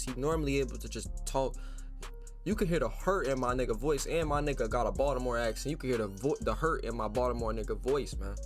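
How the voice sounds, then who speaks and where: A man hosting a reaction video, talking bluntly in heated, repetitive street slang. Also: medium pitch. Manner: blunt, profane street talk. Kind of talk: casual reaction commentary.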